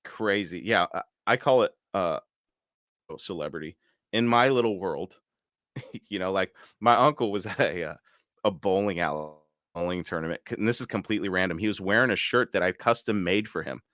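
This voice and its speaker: A man hosts a live car podcast in an easygoing, excitable way, breaking into laughter often. His voice sits very low. The sound is close and dry. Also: a little fast, no echo. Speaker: podcast host. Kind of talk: casual live-stream chat.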